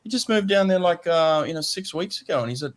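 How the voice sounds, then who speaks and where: A man's voice: on the high side, expressive, fast talker. A man hosting a casual swimming podcast, rambling and repeating himself. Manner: rambling, repeats words, says "mate" often. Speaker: podcast host. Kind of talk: casual chat.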